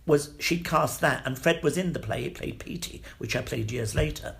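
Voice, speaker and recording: An older man with a gravelly, fry-laden voice at an ordinary middle pitch tells stories from his acting career. He talks in an animated way, swears freely and slips into the voices of the people he quotes. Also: moderate pace. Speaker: actor interviewee. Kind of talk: anecdotal storytelling.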